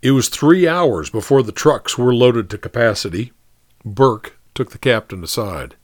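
A man calmly narrating a story as an audiobook reader. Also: medium pitch, measured pace, no room sound, studio quality.

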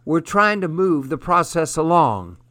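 A man voicing a brisk, practical woman with a faint Southern accent, in an audiobook. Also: fairly high pitch, very animated, fairly bright tone, no echo, voice pushed up. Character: impatient woman, practical organizer.

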